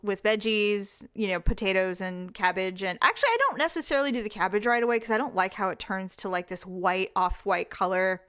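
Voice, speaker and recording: A woman's voice: mid-range voice, fairly quick, hardly any pauses, fairly bright tone, clean tone, no echo, clean studio sound. Talk to your sister like an old friend. You're a chatty woman co-hosting a podcast, and you giggle easily. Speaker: podcast co-host. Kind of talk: casual chat.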